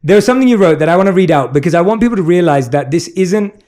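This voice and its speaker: A man's voice: high-pitched, animated, racing, darkish tone. A British man hosting an interview, talking earnestly and with lots of praise. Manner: earnest, effusive, reads aloud from a book. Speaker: podcast host. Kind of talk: casual interview chat.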